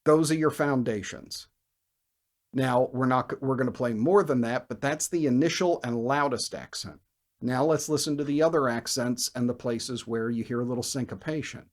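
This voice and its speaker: Man, bass lesson host, energetic explainer, scats riffs, counts beats, average pitch. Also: moderate pace. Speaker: bass teacher. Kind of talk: instructional video lesson.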